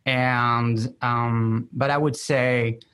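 A man from France with a French accent, a marketing executive speaking in a measured, slightly hesitant way. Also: medium pitch, flat delivery, a bit bright, smooth. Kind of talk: interview talk.

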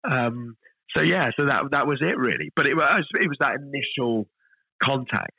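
A middle-aged man, a chef guest telling stories in a relaxed podcast interview, self-deprecating and full of restarts. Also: mid-range voice, moderate pace, vocal fry, slightly rough, dry recording, poor audio. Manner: chatty, self-deprecating storyteller with frequent restarts.

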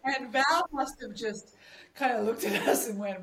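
A woman's voice: on the high side, measured pace, a bit bright. A chatty woman tells stories and acts out what others said, laughing often. Her voice comes from a little way off the mic, in a roomy, echoing space. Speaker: guest actress. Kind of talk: casual storytelling interview. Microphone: remote call mic. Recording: roomy echo from a distance.

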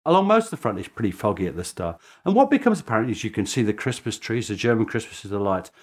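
A man's voice: lowish voice, very animated, fast talker, a little mellow. A man speaking as a historian in a documentary interview, telling the story with chuckles and restarts.

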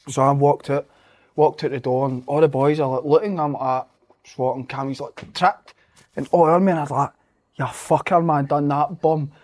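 A man's voice: medium pitch, normal speed, a little mellow. A Scottish man, a footballer guest, telling stories in casual chat, swearing freely and laughing as he goes.

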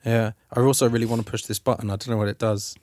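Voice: mid-range voice, fairly even intonation, very fast, darkish tone, no room sound. A podcast host, chatting casually in a studio, cheeky and sweary, slipping into playful voices to quote people. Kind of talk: casual chat.

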